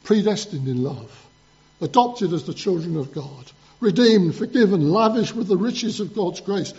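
A man preaches with earnest emphasis, stacking up repeated phrases to drive his points home. His voice is high for a man and mellow in tone. The recording is dull and lo-fi, with a faint mains hum behind him. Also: animated, normal speed. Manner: earnest, emphatic, building up lists. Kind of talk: sermon.

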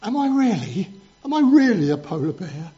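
A small, anxious baby polar bear, plaintive and unsure, asking the same worried question again and again, as a man telling a children's story puts him on. The voice sits high but soft, and the dull, muffled recording has a faint mains hum. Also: big pitch swings, normal speed.

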